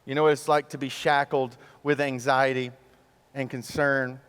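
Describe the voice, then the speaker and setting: A man's voice: medium pitch, moderate pace, clear, resonant tone. A man giving a sermon as guest pastor, telling stories with humor and joking with the congregation. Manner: animated storytelling, jokes with the crowd. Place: large church auditorium. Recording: long hall reverb.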